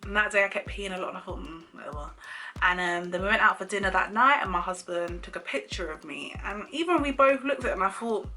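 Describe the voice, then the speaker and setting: Woman vlogger, young, bright voice, chatty storytime, faint music bed. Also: mid-range voice, quick pace. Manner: animated, laughing often, acts out quoted lines. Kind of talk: casual storytime chat.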